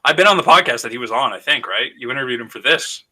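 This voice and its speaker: A man's voice: medium pitch, fast talker. A man co-hosting a podcast, telling stories in casual chat and acting out the voices he quotes. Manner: animated storyteller, acts out quoted voices. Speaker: podcast co-host.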